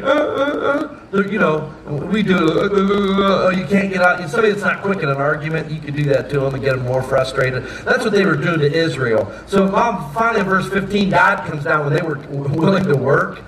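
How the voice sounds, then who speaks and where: A man preaching a sermon, moving between soft, quiet asides and loud, emphatic peaks. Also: a little high, brisk, hardly any pauses, distant mic, a little hiss or hum. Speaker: pastor. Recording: echoey room, voice off-mic with faint ambience.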